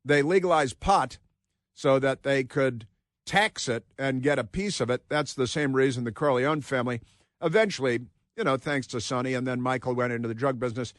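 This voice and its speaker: A man's voice: mid-range voice, dry recording. A male radio host speaking into a studio mic, dry and close with no room sound. He holds forth in a sarcastic, opinionated monologue and stretches out the words he wants to land hard. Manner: sarcastic, drawn-out emphatic phrasing. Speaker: radio talk show host.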